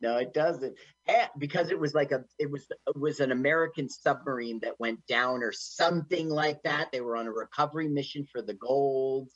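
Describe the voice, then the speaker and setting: A man's voice: normal speed, hardly any pauses. A man co-hosting an internet radio show, riffing jokingly on a movie as it plays. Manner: jokey, tries silly voices, lively pitch. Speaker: podcast co-host. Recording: dull lo-fi sound.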